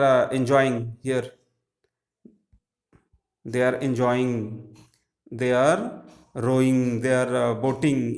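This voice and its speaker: A man, explaining textbook grammar answers slowly, with many pauses and fillers. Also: mid-range voice. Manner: slow, halting, many "uh" fillers. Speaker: English teacher.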